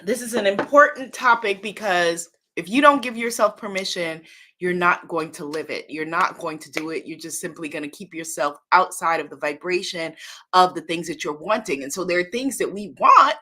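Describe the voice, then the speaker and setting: Broadcasting from home in New York City on a computer or phone mic, a woman hosts a casual spiritual livestream, greeting viewers by name with happy exclamations. Her lowish voice is pushed and bright at a normal speed, with a little hiss or hum.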